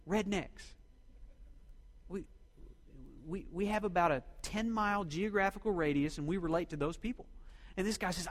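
Middle-aged man from Oklahoma, pastor, live sermon, high voice, echoing hall. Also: normal speed. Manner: preaching with call-and-response to the congregation.

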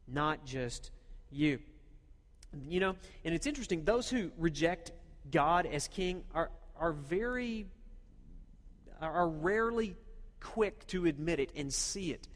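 Male pastor with a slightly high voice, emphatic sermon delivery, long hall reverb. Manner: emphatic preaching with rhetorical questions to the congregation.

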